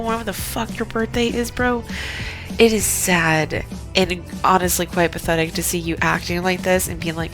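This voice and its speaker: A woman's voice: on the high side, lively intonation, normal speed. A woman host giving reaction commentary in a sassy, mocking, lecturing way. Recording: music bed under voice.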